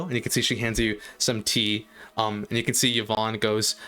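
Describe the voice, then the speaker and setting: A man's voice: on the low side, level tone, normal speed, pushed and bright, soft background music. A man narrating a tabletop game as game master, casual and full of fillers. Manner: casual, filler-heavy, descriptive.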